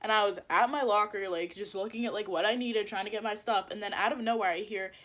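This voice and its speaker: A woman's voice: mid-range voice, fast, noisy background. Chatty young woman telling a storytime. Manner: animated storytelling, heavy use of "like", swearing. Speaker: vlogger. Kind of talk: storytime vlog, casual chat.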